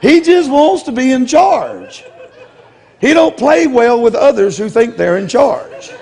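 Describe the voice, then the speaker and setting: A man's voice: very high-pitched, sing-song, unhurried, a little mellow. A man preaching in a humorous storytelling style, blunt and self-mocking, often laughing as he talks. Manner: blunt, confrontational delivery.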